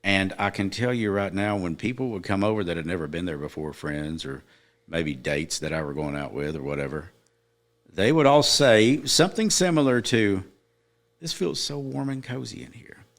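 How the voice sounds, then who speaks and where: A man's voice: deep voice, moderate pace. A middle-aged man, a podcast guest, earnestly telling a personal story in casual chat, with emphatic moments.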